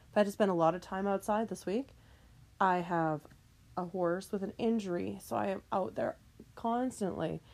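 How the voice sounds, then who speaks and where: A woman's voice: mid-range voice, a little mellow. Rambling woman ranting on a solo podcast. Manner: rambling, ranting then apologetic, self-deprecating. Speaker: podcast host. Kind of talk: casual solo monologue. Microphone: microphone indoors.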